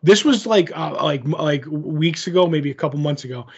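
Higher-voiced man on lo-fi call audio. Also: normal speed, breathy edge. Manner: rambling, filler-heavy, self-mocking. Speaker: podcast co-host. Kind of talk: casual chat. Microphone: remote call recording.

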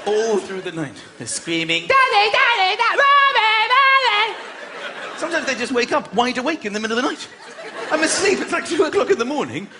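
High-voiced man, animated comic talk. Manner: animated, shouting comic impressions. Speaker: marriage counsellor speaker. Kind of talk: comic storytelling talk to an audience. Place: large room with a live audience. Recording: live talk, loud audience laughter and noise.

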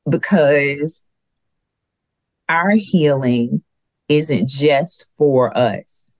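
A woman's voice: a bass voice, a little mellow, dry recording, low-quality recording. A woman co-teaching a Bible study lesson, speaking earnestly and stressing and repeating her key points.

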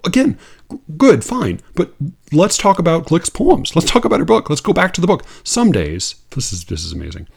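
A man's voice: on the high side, huge pitch swings, brisk, creaky, breathy edge. A man reading out a poetry review and mocking it in an incredulous, exasperated monologue, with laughing asides. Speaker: poetry critic.

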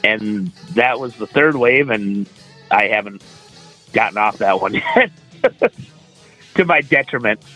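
A man's voice: lowish voice, lively intonation, unhurried, long pauses, bright, forceful tone, faint music behind, low-quality recording. A man chatting on a casual podcast, joking at his own expense. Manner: chatty, self-mocking humor.

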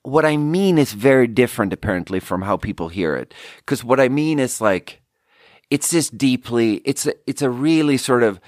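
A man's voice: mid-range voice, animated, moderate pace, dry recording, studio quality. A man hosting a casual solo podcast, rambling and self-deprecating with lots of filler words while he tastes drinks. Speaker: podcast host.

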